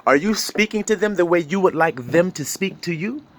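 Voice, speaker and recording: Brief: man, sermon preacher, animated pitch, higher voice, faint noise behind. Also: moderate pace. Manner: preachy, laughs often, swings between loud and low. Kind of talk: street sermon.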